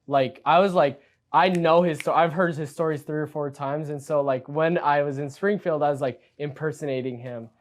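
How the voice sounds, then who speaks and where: An excitable young man in his twenties tells his story on a podcast. He talks in a quick, energetic, casual way and leans on "like" constantly. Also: fairly high pitch. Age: 20s. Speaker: guest, new insurance agent.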